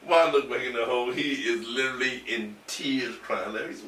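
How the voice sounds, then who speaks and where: A man telling a rowdy story in casual chat, animated, laughing and swearing as he goes. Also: medium pitch, moderate pace, background noise. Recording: roomy echo from far off with faint ambience.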